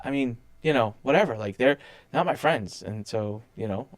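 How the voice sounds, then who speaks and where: A man with a mid-range voice speaks at a moderate pace as a guest in a casual chat, with no room sound. He tells a story animatedly, acting out the people he quotes and often restarting his sentences.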